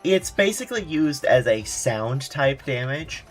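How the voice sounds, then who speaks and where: A man hosts a relaxed video game stream, talking in an easygoing, wry way with a mid-range voice. He reads out chat messages, and soft music sits underneath him. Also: medium pitch, measured pace. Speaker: streamer host. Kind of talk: casual gaming chat.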